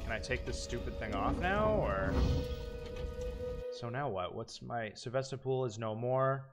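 Man streamer, lively swooping pitch, slow drawn-out talk, loud game music behind. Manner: excitable, swears, talks to the game. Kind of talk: casual gaming commentary.

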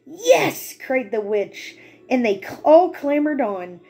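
A young woman reading a picture book aloud to children, slow and expressive, pausing to ask the listener questions. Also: on the high side, breathy edge.

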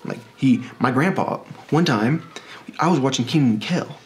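A man's voice: mid-range voice, animated, soft background music. A man from Texas talking in a rambling monologue, full of restarts and fillers. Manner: rambling, halting, with many restarts.

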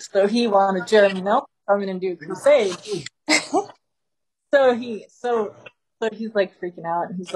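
A woman teaching a small group in a casual storytelling way, animated and laughing often as she talks. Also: mid-range voice, slight background noise, low-quality recording. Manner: animated, laughing often while telling stories.

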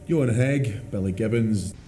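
A man speaks in a deadpan, mock-serious way in a documentary interview. His voice is deeply dark and mellow. A faint noise sits under it. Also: moderate pace. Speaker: bearded interviewee.

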